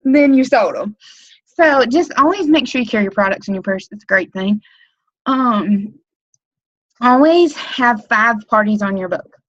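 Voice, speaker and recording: Lady coaching new sales folks on a webinar, um and like everywhere, flat dry lo-fi sound. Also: a little high, normal speed, dry recording. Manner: rambling, lots of um, like and you know. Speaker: direct sales consultant training new team members. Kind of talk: casual webinar training talk. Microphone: computer mic on a webinar.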